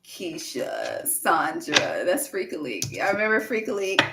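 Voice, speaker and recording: A woman reads tarot cards in a loose, rambling way, cursing casually and talking straight to her listener. Her voice sits a little low for a woman. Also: sing-song, normal speed, very noisy. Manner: rambling, profane and chatty. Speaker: tarot reader.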